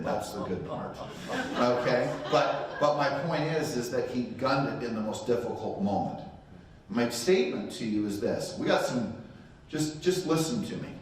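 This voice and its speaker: A man's voice: mid-range voice, a little hiss or hum. A middle-aged man giving a motivational training talk to a live audience, telling a story and acting out the quotes. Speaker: real estate training speaker. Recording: very echoey room, voice far from mic.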